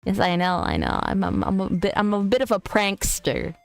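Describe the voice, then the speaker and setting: A woman's voice: mid-range voice, wildly swooping pitch, moderate pace, creaky, soft background music. Joking, crude-mouthed woman streamer. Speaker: VTuber streamer. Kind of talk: casual live-stream chat, reading viewer messages aloud.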